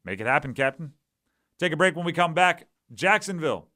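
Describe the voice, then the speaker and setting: A man's voice: a little high, animated, a little fast, pushed and bright, dry recording, clean studio sound. A man hosting a sports talk radio show, talking casually and often checking in with "right?". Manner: conversational, keeps asking "right?".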